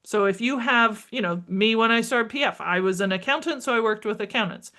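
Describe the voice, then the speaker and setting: A middle-aged woman, a marketing strategist, talking as a podcast guest, energetic and emphatic, acting out bits of dialogue. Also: fairly high pitch, fairly quick. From United States. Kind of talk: conversational interview.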